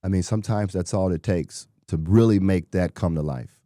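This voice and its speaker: A middle-aged former football player telling stories in an interview, animated and acting out quotes from people he met. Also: low-pitched, moderate pace, dry recording, studio quality. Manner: animated storyteller, acts out quotes. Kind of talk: conversational interview storytelling.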